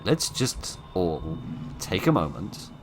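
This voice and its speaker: A man commentates his own horror game playthrough. He rambles, mocks himself and jokes drily. Clear background noise runs under his desk mic. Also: low-pitched, sing-song, slow pace. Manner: self-mocking, rambling, dry humour. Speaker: gameplay commentator. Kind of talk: let's play commentary. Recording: noisy background.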